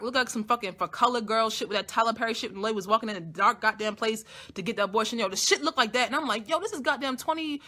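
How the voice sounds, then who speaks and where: A woman hosting a live stream, telling a long personal story in a casual, blunt and heavily profane way, swinging between soft asides and loud emphatic bursts. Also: a little high.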